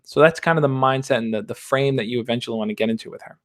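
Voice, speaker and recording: A young man hosting a livestream, reading out viewer questions and answering them in a relaxed, reassuring way. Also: medium pitch, very fast. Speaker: dating advice host. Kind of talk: casual livestream chat.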